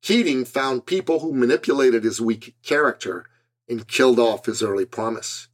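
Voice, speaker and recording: A man's voice: mid-range voice, normal speed. A man hosting a podcast, delivering an earnest, emphatic, scripted motivational monologue. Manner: earnest and emphatic, with a preacher-like build. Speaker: podcast host.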